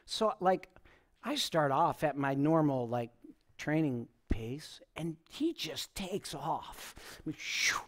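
Lively, animated male pastor. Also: fairly high pitch, slow. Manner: animated storytelling, chuckling, frequent restarts. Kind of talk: conversational sermon with personal stories. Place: church service.

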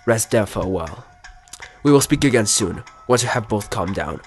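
A man's voice: lowish voice, animated, moderate pace, faint music behind, natural voice. A man reading game dialogue aloud in a put-on British accent, voicing a stern, scheming older crime-family uncle in a stiff, formal way.

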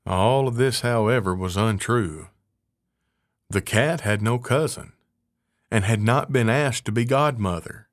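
A man reading a fairy tale aloud in a measured, unhurried way. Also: medium pitch, dry recording, clean studio sound. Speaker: narrator.

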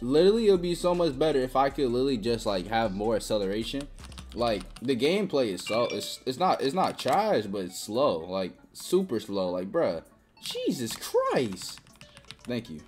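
Very deep-voiced young woman, wildly animated. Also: a little fast, soft background music. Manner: excitable trash talk, sudden yelps and shouts. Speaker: gaming channel host. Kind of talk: live gameplay commentary.

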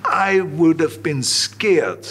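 A man's voice: a little high, expressive, very slow, fairly bright tone, husky. An older man telling anecdotes in an interview, repeating himself and acting out voices he quotes. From Austria. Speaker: interview guest. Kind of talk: storytelling in an interview.

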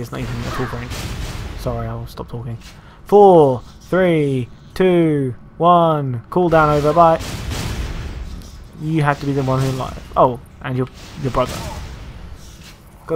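Speaking at a moderate pace with a medium pitch, a man plays a video game and keeps up casual commentary that's jokey, sarcastic, and self-deprecating. There's slight background noise.

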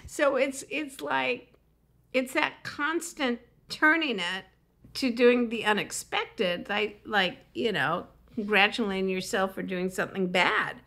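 A woman who is a comedian and public speaking coach, talking in a podcast interview and acting out punchlines with high whoops. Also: slow pace. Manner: animated storyteller acting out quips with high whoops.

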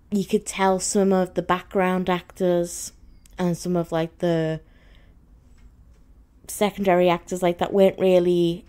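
A young woman with a soft Scouse accent, chatting casually through a TV review with lots of fillers and asides. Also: on the low side. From Merseyside, England. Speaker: TV review vlogger.

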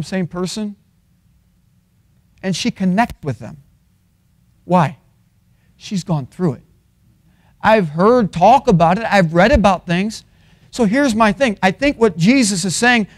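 A man with a high-pitched voice preaches a sermon in a college chapel. He moves between loud, emphatic peaks and low, quiet asides.

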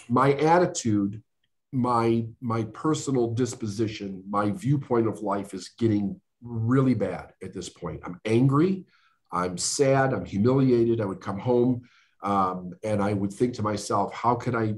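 Earnest man telling a hard-times story. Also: on the low side. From United States. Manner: earnest, emotional storytelling with dramatic pauses. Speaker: podcast guest. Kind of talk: storytelling interview.

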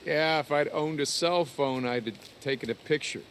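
An actor playing an easygoing outlaw biker in a video game, joking and deflecting. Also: male voice, a little high, normal speed, fairly bright tone, slight background noise, close to an everyday voice. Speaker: game character. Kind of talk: video game dialogue acting.

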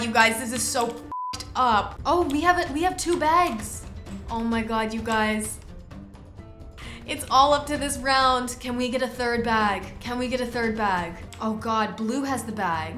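A young woman giving excitable, reactive commentary while playing a video game, yelling at wins and groaning at losses. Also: fairly high pitch, a little slow, pauses often, echoey room, faint music behind. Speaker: gaming video creator.

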